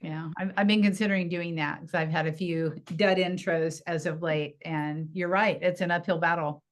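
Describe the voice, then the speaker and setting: A woman's voice: on the low side, steady tone, normal speed. A woman hosting a podcast interview, conversational and affirming. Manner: conversational, many affirming fillers. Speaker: podcast host.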